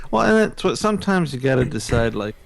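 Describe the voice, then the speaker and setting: A man's voice: medium pitch, sing-song, quick pace, vocal fry. A man chatting casually on a podcast, blunt and laid-back, swearing offhandedly. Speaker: podcast host. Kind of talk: casual chat.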